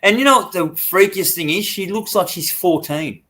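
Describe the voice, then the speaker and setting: An Australian man in his forties co-hosts a podcast, telling animated stories bluntly and with lots of swearing in casual chat. His voice is high and his speed normal.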